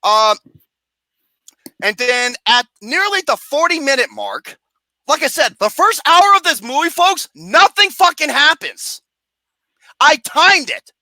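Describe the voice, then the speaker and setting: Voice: high voice, slow pace, long pauses, no room sound. A movie review host ranting profanely and sarcastically about a film, laughing often as they talk. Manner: animated, laughing, swearing, sarcastic. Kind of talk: profane comedic rant.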